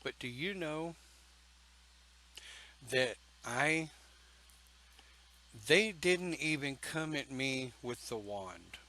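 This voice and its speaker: A man speaks slowly and takes his time, pausing often between phrases. His voice is bright and forceful, with a folksy, emphatic storytelling manner. He sounds like he is talking casually to a camera. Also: mid-range voice, expressive, poor audio. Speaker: pagan church speaker.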